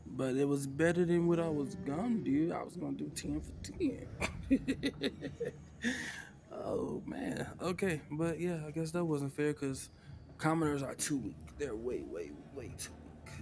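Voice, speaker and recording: A man's voice: a little high, animated, measured pace, gravelly, over music. A man, narrating a tabletop game as game master in a casual way, sighing and muttering to himself.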